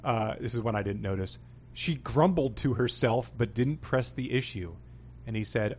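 A man's voice: medium pitch, lively intonation, moderate pace. A man hosting a podcast, casually and wryly reading out listener emails and submissions, with plenty of fillers. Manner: wry, amused, with frequent fillers. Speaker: podcast host.

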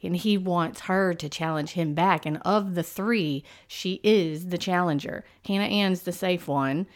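A woman's voice: fairly low pitch, measured pace. A woman co-hosting a podcast in casual chat, giving her opinions and reasoning aloud. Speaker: podcast co-host.

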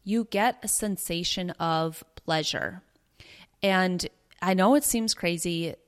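Earnest low-voiced woman podcast host. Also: slow pace, clear, resonant tone. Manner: earnest, conversational, repeats herself for emphasis. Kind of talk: casual teaching monologue.

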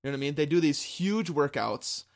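A man's voice: fairly high pitch, expressive, normal speed. A man co-hosting a podcast in casual chat, tossing in dry joking asides. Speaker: podcast co-host.

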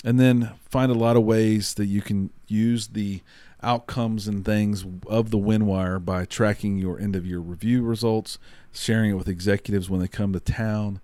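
Low mellow guy co-hosting a podcast, punchy pep-talk tips, dry close sound. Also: fairly even intonation, moderate pace, smooth, no room sound. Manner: punchy, motivational, repeats catchphrases. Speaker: podcast co-host. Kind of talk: casual podcast chat.

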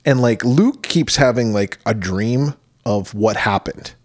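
Rambling, excitable man recapping a movie. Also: lowish voice, measured pace. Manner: rambling, animated retelling, swears freely. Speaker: podcast co-host. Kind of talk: casual movie-recap chat.

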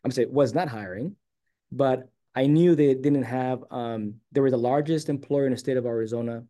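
A San Diego man appears as a guest on an interview show, telling a long personal story casually and acting out the quoted lines. He sounds animated, with a mid-range voice and a moderate pace.

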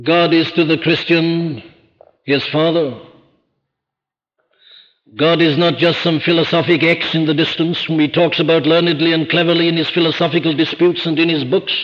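A man preaching a sermon, emphatic and rhetorical, slowing down to stress key words. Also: on the high side, level tone, big-room sound. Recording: dull lo-fi archive recording.

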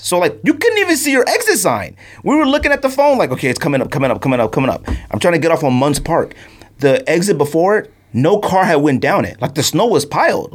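A man in his thirties, a podcast host, telling a story with excitement, laughing often and acting out quotes in a high voice. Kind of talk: animated storytelling.

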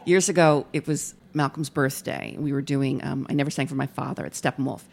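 A woman with a notably low, deep voice. She is a stage manager appearing as a guest on an interview show. She tells lively anecdotes and laughs often as she talks. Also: brisk, vocal fry. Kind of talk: casual interview storytelling.

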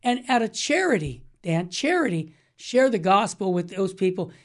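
A Catholic radio host in his sixties leads a casual religious talk show, telling stories in an emphatic, rambling manner. His voice is high-pitched with big pitch swings and a moderate pace.

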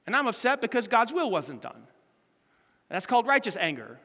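With an extremely high pitch and a moderate pace, this man preaches to his congregation, animated and full of rhetorical questions. The audio has a big-room sound.

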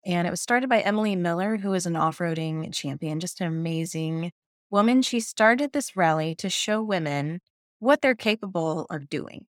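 A woman in her fifties chats as a podcast guest, telling her story with eager energy and frequent laughs. Her voice sits a little low. The recording is dry and close to the mic. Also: lively intonation, moderate pace, no room sound. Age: 50s. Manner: enthusiastic storytelling, laughs often. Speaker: guest, automotive journalist. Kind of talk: casual podcast interview.

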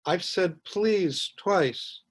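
A protective young mother snaps at an intruder, her voice lifted and insistent, as a man reading the story puts her on. The delivery stays slow and deliberate. It has a storybook feel. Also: high-pitched, breathy edge, pitched above the performer's own voice, exaggerated voice. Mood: indignant.

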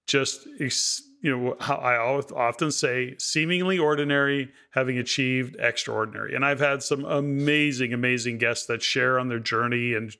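Bright-voiced male podcast host. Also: medium pitch, smooth. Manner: reflective, chatty, many asides. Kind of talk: conversational interview.

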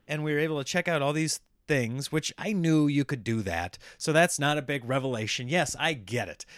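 A man's voice: medium pitch, fairly bright tone, clean tone, dry recording, studio quality. A man in his thirties hosting a comedy podcast, rambling in a casual, self-mocking, jokey monologue.

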